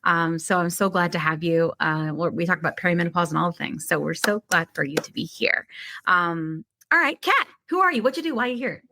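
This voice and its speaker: A woman hosts a casual podcast, chatty and upbeat, with plenty of ums along the way. Her voice sits a little low for a woman. The sound is dry and close, with no room around it. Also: expressive, brisk, pushed and bright, no room sound. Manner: chatty and upbeat, frequent fillers. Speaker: podcast host.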